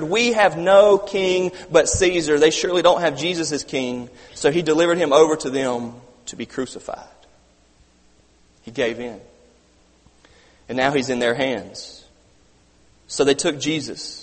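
A man delivers an impassioned sermon in a fairly high voice. He moves between scripture reading and urgent commentary, sometimes loud and sometimes hushed. His voice carries a long reverb, as if he is in a church sanctuary. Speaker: preacher.

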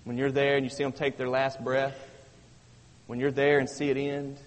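A man's voice: mid-range voice, little pitch movement, normal speed. A man preaching a sermon as pastor, emphatic and repetitive, rising and falling for emphasis. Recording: long reverb of a hall.

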